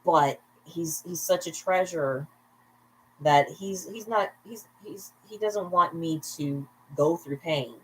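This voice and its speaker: Rough audio with slight background noise captures a low-pitched woman hosting a relaxed livestream at home around bedtime. Tipsy, she rambles, laughs often and chats with her viewers in asides.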